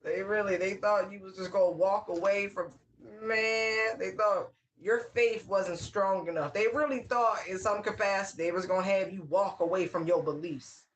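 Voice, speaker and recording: A tarot reader talking casually to viewers, excitable and laughing often, stretching out exclamations. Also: medium pitch, normal speed, hardly any pauses, a little hiss or hum.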